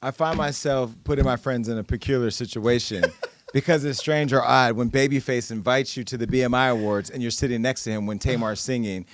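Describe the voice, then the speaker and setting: A man hosts a podcast in loose, playful chat, laughing and swearing along the way. His voice sits in a middle pitch. The mic sound is close and dry. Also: steady tone, fairly quick, few pauses, no echo. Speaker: podcast host. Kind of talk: casual chat.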